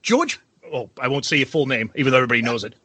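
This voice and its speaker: Bright, lively-voiced man joking on a podcast. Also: mid-range voice, very fast, slightly rough, dry recording. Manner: joking, self-mocking storyteller. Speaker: podcast co-host. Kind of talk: casual chat.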